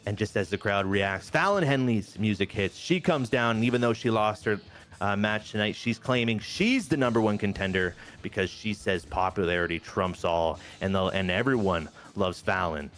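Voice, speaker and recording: A man with a fairly low voice tells the story of a wrestling game session like a lively storyteller. He jumps into little voices for the wrestlers as he goes, and faint music plays underneath. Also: normal speed. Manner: animated storyteller, briefly acting out wrestlers' lines. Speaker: game show host narrating a wrestling sim. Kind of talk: casual narrated commentary.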